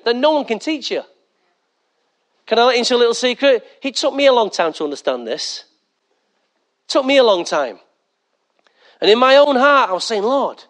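A man preaching a sermon as pastor, animated, asking the congregation questions and acting out little asides. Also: very high-pitched.

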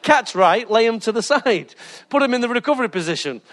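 A man, a pastor preaching a lively sermon full of funny anecdotes and laughter. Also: very high voice, fairly quick. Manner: jokey, animated storytelling with laughter.

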